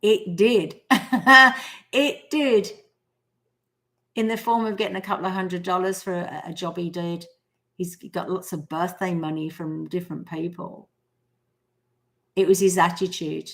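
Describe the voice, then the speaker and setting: A woman's voice: fairly low pitch, steady tone, a little slow, long pauses. Australian woman, 40s, live-stream host, chatty storyteller. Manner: chatty storyteller who acts out quotes. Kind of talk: casual live-stream talk on manifesting.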